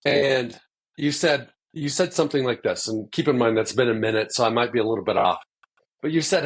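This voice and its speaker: A man's voice: medium pitch, brisk, slightly rough. A man hosting a podcast interview, asking eager, rambling questions. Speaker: podcast host, sports agent.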